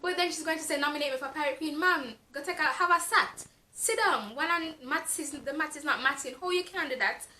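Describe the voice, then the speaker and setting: A woman's voice: high-pitched, animated, normal speed, few pauses, bright, forceful tone, a little hiss or hum. A woman from Jamaica with a Jamaican accent, giving a frank, exasperated casual book review with lots of fillers. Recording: echoey room.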